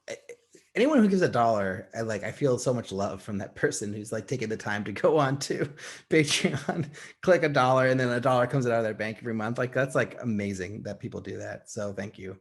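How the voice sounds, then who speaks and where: A man's voice: lowish voice, expressive, a little fast. A man co-hosting a filmmaking podcast in casual chat, rambling with lots of fillers and frequent laughs. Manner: rambling, many "like" and "you know" fillers, laughs often. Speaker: podcast co-host.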